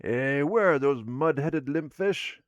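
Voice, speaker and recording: A man's voice: on the high side, animated, slow pace, dry recording, studio quality. A man voicing a grumpy young female dwarf merchant, grumbling and impatient, while reading out a tabletop game. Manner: grumbling, impatient, put-upon. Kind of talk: reading game character dialogue aloud.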